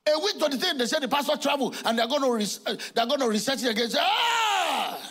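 A man in his sixties with a Nigerian accent, preaching a sermon in a church and acting out dialogue with bursts of shouting. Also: very high voice, rapid-fire. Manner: animated storytelling, acting out dialogue, often shouting. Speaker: pastor.

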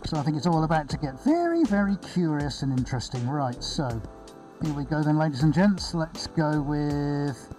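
A man's voice: on the high side, big pitch swings, normal speed, warm tone, soft background music, low-quality recording. Chatty man hosting a live art stream. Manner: chatty, upbeat, rambling with fillers. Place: indoor studio floor with extractor fan.

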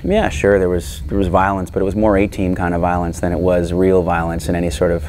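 A man speaking thoughtfully in an interview, measured and reflective. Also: low-pitched, level tone, a little mellow, slight background noise. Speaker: actor guest.

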